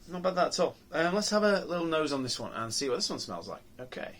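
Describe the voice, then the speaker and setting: A man's voice: a little high, very animated, fast talker, a bit bright. A man reviewing beer on his own channel, talking casually and musing aloud with many ums, restarts and rhetorical questions.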